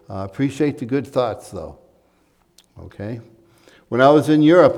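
A man's voice: medium pitch, warm tone. A man preaching a sermon, earnest and building to emphatic points, with conversational asides. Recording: long hall reverb.

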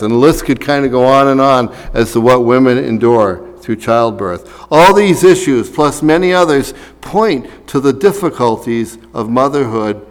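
A man's voice: medium pitch, clean tone, in a large hall. A man preaching a sermon as a pastor, talking casually with fillers and reading scripture aloud.

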